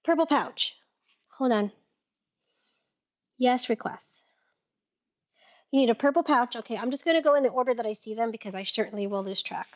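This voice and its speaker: A woman with a high, bright-pitched voice chats through a live-stream sale, giggling and laughing at her own mix-ups. The sound is a little dull and lo-fi. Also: moderate pace, pauses often. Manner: giggly, chatty, laughs at herself. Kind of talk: casual live-stream selling chat.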